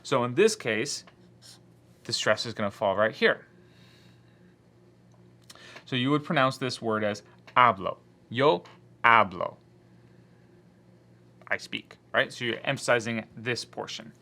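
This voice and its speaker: Guy teaching a spanish grammar class, bright clear voice, patient and step by step. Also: medium pitch, a little slow, pauses often. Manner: explains patiently, voicing imagined student objections.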